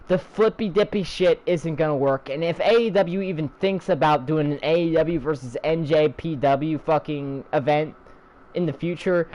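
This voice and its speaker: High-voiced man ranting profanely. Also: a little mellow, rough recording. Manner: angry, profane, sarcastic, heated. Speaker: channel host ranting. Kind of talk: profane wrestling rant.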